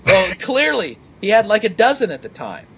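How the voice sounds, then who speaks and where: A man co-hosting a casual podcast, talking in an animated, sarcastic and exasperated way. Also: sits high, normal speed, vocal fry, lo-fi sound, slight background noise. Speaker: podcast co-host.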